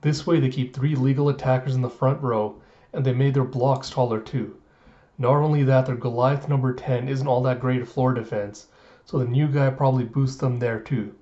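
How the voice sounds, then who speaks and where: A man's voice: mid-range voice, fairly even intonation, normal speed, warm tone, highs cut off, natural voice. A man reading the lines of an eager teenage boy breaking down a match, in his own everyday voice. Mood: focused.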